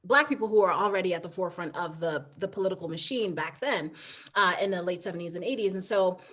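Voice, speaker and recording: A woman's voice: fairly low pitch, quick pace, fairly bright tone. A woman guest in a casual interview, talking in a rambling way with frequent restarts and fillers and laughing easily. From United States. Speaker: guest, trail runner and author.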